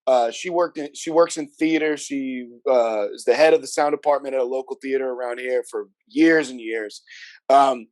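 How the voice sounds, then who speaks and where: A man's voice: medium pitch, normal speed, a little mellow. A man hosting an interview, casually asking questions and stumbling over restarts as he goes. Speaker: podcast host interviewer.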